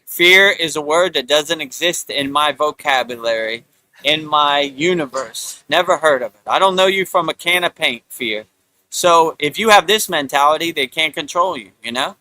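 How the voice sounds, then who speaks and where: A man's voice: on the high side, normal speed, pushed and bright, no echo. A man hosting a live spiritual talk, rambling in a loose, repetitive way, often saying "you know" and mocking others with put-on voices. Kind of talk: casual live-stream monologue.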